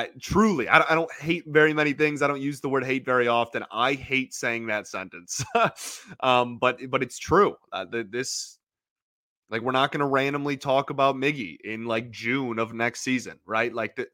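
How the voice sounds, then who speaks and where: A man's voice: mid-range voice, normal speed, pushed and bright, dry recording, studio quality. Emotional rambling male podcast host. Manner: emotional, rambling, frequent restarts. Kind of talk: casual sports podcast monologue.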